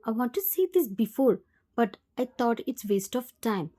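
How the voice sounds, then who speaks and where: A woman's voice: on the high side, sing-song, normal speed, dark tone. A woman with an Indian English accent voicing a remorseful uncle in his late forties, pleading and full of guilt. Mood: defensive.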